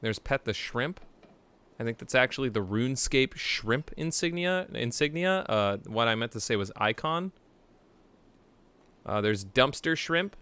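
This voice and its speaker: A young adult man streaming a game, chatting playfully with his viewers and breaking into sudden loud shouts. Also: medium pitch, animated, measured pace, clear, resonant tone. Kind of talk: casual live-stream chat.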